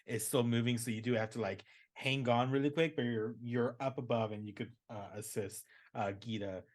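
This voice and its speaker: A man's voice: medium pitch, fairly even intonation, normal speed. A man narrating as game master in a casual, rambling way full of fillers.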